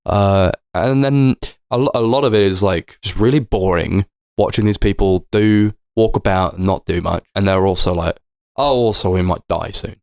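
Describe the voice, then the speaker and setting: A man's voice: deep voice, normal speed, hardly any pauses, a little mellow, clean tone, dry recording, clean studio sound. A young man co-hosting a podcast, chatting loosely about films, rambling and swearing, and sometimes slipping into silly voices to act out what the characters say. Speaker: podcast co-host. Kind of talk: casual film chat.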